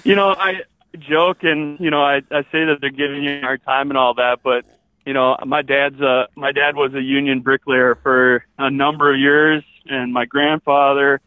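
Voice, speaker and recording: A man's voice: mid-range voice, fairly even intonation, moderate pace, no echo. A man from Wisconsin with a Wisconsin accent, a boot company spokesman chatting in a casual interview, folksy and easygoing with lots of fillers. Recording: tinny phone line.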